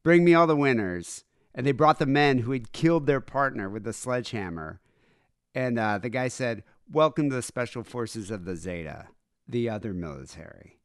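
A man's voice: mid-range voice, expressive, normal speed, no room sound, clean studio sound. A man co-hosting a podcast, talking in a loose, chatty way with fillers and restarts. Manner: chatty, many fillers and restarts, laughs easily. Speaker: podcast co-host. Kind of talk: casual podcast chat.

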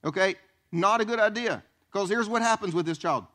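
Animated high-voiced man preaching a sermon. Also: a little fast. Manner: animated, acts out voices and questions, southern "y'all". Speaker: pastor.

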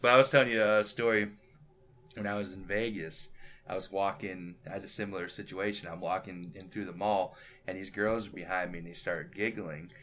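A man, a comedian, chatting casually and telling jokey, animated stories. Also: deep voice, fairly quick. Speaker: comedian host. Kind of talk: casual chat.

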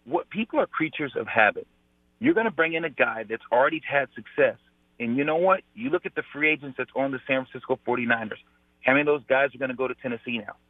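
A man's voice: medium pitch, fast, dry recording. A man, a former pro football player, talking emphatically as a guest on a sports radio show over the phone, repeating his points. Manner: emphatic, repeats "I tell you". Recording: tinny phone line.

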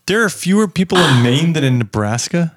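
A man's voice: fairly high pitch, big pitch swings, brisk. Joking, swearing man in casual chat. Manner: joking, swearing, acts out quotes. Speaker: podcast co-host.

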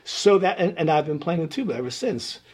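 Man, a musician guest spinning stories in a raspy, fairly high voice. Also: brisk. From Brooklyn, New York. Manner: rambling, animated, acts out other people's voices. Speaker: guest musician, tuba player. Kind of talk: casual storytelling interview.

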